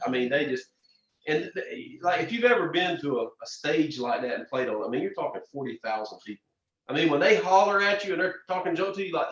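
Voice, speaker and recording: A young man, a racer guest telling animated stories in a casual interview. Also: on the high side. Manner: animated storyteller, frequent restarts and "man". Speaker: drag racer and podcast guest. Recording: distant, roomy, dull lo-fi sound.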